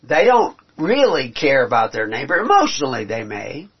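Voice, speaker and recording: A husky, mid-range male voice with big swings in pitch preaches a sermon, reading scripture aloud and explaining it earnestly, building to emphatic peaks with halting restarts. The recording is dull and lo-fi.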